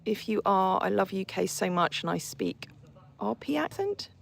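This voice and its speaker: A woman's voice: medium pitch, expressive, moderate pace, creaky. A woman hosting a casual live stream from horseback outdoors, reading viewer comments and cooing and scolding her horses in between.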